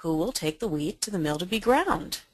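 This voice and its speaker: A diligent little hen from a storybook, asking for help and then getting on with the job alone, as a woman voices her. The voice sits lower than most, and the sound is dry and close. It comes in an earnest read-aloud manner. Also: lively intonation, moderate pace, slightly rough, no echo.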